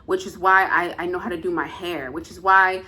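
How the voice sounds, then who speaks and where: Earnest bright-voiced young woman vlogger. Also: lowish voice, steady tone, moderate pace. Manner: earnest, emphatic, repeats phrases, many fillers. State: close to tears at times. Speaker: food vlogger. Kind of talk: heartfelt casual talk to camera.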